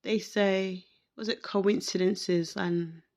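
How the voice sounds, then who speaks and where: Woman podcaster, emotional and reflective, unhurried, raspy fry in her voice. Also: mid-range voice, fairly even intonation, a little mellow. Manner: slow, reflective, repeats herself. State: emotional, close to tears. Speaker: podcast host. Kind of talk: emotional personal monologue.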